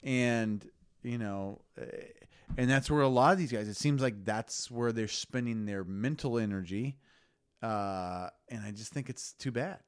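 A man co-hosting a casual sports podcast, giving opinionated takes with animated asides. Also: mid-range voice, a little slow, smooth.

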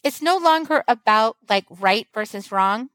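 A woman with a slightly high voice speaks earnestly in a flowing, teacherly way on a podcast. The sound is dry and close, with no room around it. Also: lively intonation, unhurried, a bit bright, no echo, low-quality recording. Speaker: guest author and medicine woman. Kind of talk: casual podcast conversation.

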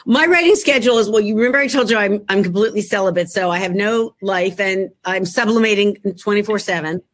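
A woman author with a Philadelphia accent, telling jokey, animated stories in a casual chat. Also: medium pitch, fast. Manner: jokey, animated storyteller, talks to herself. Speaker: author guest.

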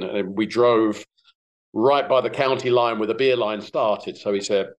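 Over a rough recording, an English-accented, middle-aged golf broadcaster speaks at a moderate pace in a fairly low voice. He's a guest on a casual podcast, easygoing and anecdotal, with many fillers in his storytelling.

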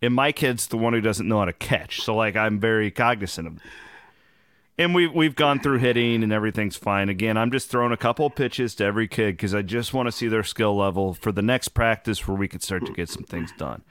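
A man hosting his podcast in casual chat, hoarse from travel, telling loose, rambling stories with the odd swear. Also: fairly low pitch, brisk, a bit bright, no echo, clean studio sound. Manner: loose, rambling, profane storytelling. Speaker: podcast host.

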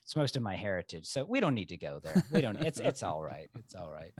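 A man chatting as a podcast guest, telling lively, rambling stories. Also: low-pitched, quick pace, no room sound, studio quality. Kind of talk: casual chat.

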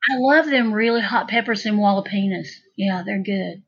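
Husky-voiced chatty woman, lo-fi sound. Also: medium pitch, normal speed, fairly bright tone. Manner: chatty, rambling with many restarts. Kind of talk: casual conversation. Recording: dull lo-fi sound.

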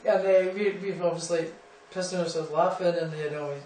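A man's voice: on the high side, fairly even intonation, moderate pace, a little mellow, distant mic. A young Scottish man, a boxer, telling rambling anecdotes in a casual interview, full of fillers and laughs. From Scotland. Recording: echoey room, off-mic, faint hum.

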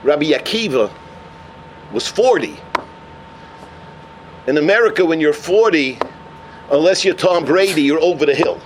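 A man telling stories in a sermon as a Torah teacher, animated, with Hebrew and Yiddish terms woven into his English. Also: fairly high pitch, normal speed, long pauses, slight background noise. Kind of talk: sermon storytelling.

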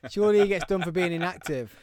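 A man's voice: high voice, fast, no room sound, studio quality. A man hosting a casual podcast, joking and laughing with friends, sometimes reading a sponsor ad. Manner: animated, laughing, jokey. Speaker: podcast host.

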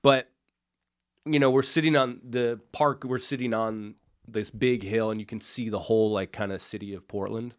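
A man's voice: fairly low pitch, fairly even intonation, moderate pace, dry recording, studio quality. A man, a comedian guest on a podcast, telling a story in a rambling way full of fillers and swearing.

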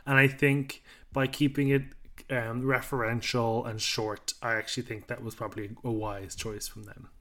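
A man's voice: medium pitch, flat delivery, normal speed, bright, forceful tone. A man from England hosting a podcast, chatting casually and hesitantly and steering the talk to the next topic. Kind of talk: casual chat.

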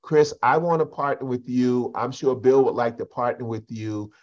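A man's voice: mid-range voice, fairly even intonation, normal speed, a little mellow, highs cut off. An older man with a South Carolina Geechee accent, a pastor and community advocate speaking on a discussion panel, telling folksy stories and addressing the others by name.

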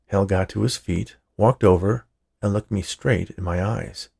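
A man reading a story aloud in a dry, measured narrating manner. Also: sits low, vocal fry, warm tone, slightly rough. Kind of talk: scripted narration.

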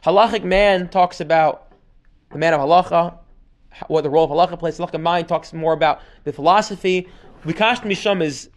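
A man teaching a Talmud class as a rabbi, telling stories in an animated way and swinging between loud and hushed delivery. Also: a little high, fairly quick. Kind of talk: lively classroom lecture.

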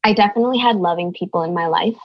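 Lower-pitched earnest woman, dull audio. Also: very fast, no room sound. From United States. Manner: earnest, thoughtful, searching for words. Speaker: interview guest. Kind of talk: reflective conversation.

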